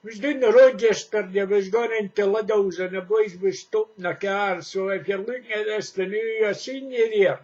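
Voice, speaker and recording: A man's voice: sits high, steady tone, normal speed, hardly any pauses, darkish tone. A Scottish man in his sixties chatting to camera in a casual vlog, joking and laughing at his own jokes. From Scotland. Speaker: vlogger. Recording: dull lo-fi home recording.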